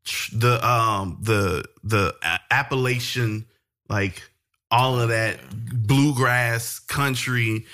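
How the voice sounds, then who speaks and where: A man co-hosting a casual podcast, telling stories in a relaxed way with frequent fillers. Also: medium pitch, slow pace. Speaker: podcast co-host.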